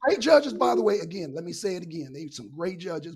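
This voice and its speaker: Husky lady on a stream cussing everybody out, goes loud then low and tired. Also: very animated, brisk, hardly any pauses. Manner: swears constantly, loud bursts, then trails off low. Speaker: co-host. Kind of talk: heated profane rant on a live talk stream.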